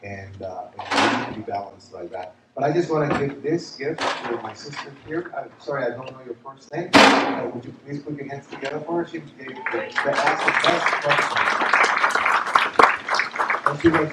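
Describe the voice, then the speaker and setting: A man preaching a lively retreat sermon as a pastor, joking and asking the crowd questions. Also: mid-range voice, moderate pace, heavy background noise. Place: church retreat hall. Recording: echoey hall from far off.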